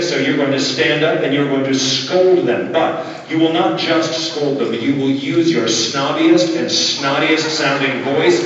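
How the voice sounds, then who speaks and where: A man working as a stage hypnotist, giving slow, deliberate suggestions with repeated phrases during a live show in a school auditorium. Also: on the high side, background noise. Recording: distant, echoey, dull hall recording.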